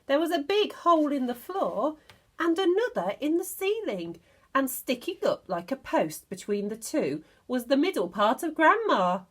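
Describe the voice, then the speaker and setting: A woman teacher reading a storybook aloud to children with expressive narration. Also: sits high. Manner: expressive, slow, lively narration.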